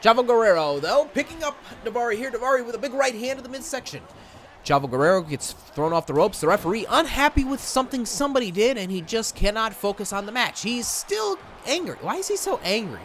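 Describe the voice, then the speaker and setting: A man's voice: very high-pitched, sing-song, fast talker, a bit bright, a little hiss or hum. A young man from Michigan casually commentating a wrestling video game, rambling and slipping into goofy voices. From Michigan, USA. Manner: rambling, self-interrupting, slips into goofy voices.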